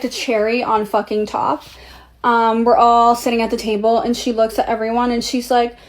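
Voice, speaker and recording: A young woman whose first language is Portuguese, telling a casual story in a blunt, profane, animated way. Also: fairly high pitch.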